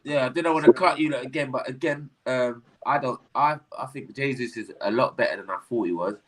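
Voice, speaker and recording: A man's voice: medium pitch, a little fast. A man, co-hosting a casual football fan chat, argumentative and slangy, with hesitant starts. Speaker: co-host of a football fan show.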